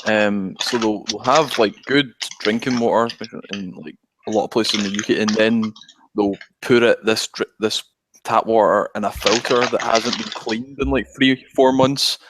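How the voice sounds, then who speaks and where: A Scottish man with a fairly low voice talks bluntly and swears freely from his flat. A faint hiss runs under his voice on the call. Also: moderate pace. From Scotland. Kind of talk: casual group chat. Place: city-centre flat.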